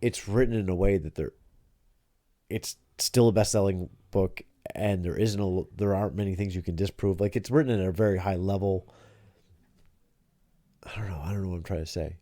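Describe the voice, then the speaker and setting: A man's voice: low-pitched, moderate pace, mellow, no echo, clean studio sound. A middle-aged man hosting a casual chat with his daughter, rambling and searching for words as he talks. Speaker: podcast host.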